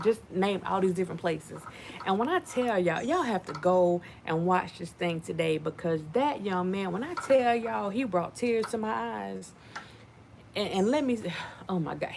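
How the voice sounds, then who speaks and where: A woman giving casual commentary to her viewers, animated and repetitive, talking to them as y'all. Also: low-pitched, creaky, a little hiss or hum. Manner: animated, repeats herself, addresses viewers as y'all. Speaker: channel host.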